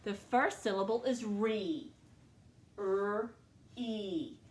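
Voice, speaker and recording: A woman teaching a second grade phonics lesson, slowly sounding out syllables in a clear teacher voice. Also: medium pitch, animated, reverberant.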